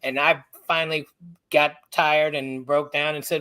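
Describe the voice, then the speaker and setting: Bright-voiced man telling stories. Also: a little high. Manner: animated, halting, acts out others' voices. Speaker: guest author. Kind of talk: personal storytelling in a podcast interview.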